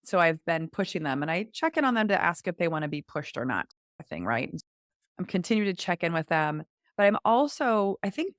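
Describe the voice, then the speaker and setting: A woman's voice: on the low side, no room sound, clean studio sound. A woman in her forties co-hosting a podcast, chatting candidly and reflectively about parenting. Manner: candid, reflective, quick asides. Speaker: podcast co-host. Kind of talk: casual chat.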